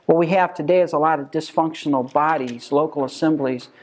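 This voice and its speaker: A man's voice: fairly high pitch, fairly quick, darkish tone. A man teaching a church Bible class, emphatic and full of rhetorical questions.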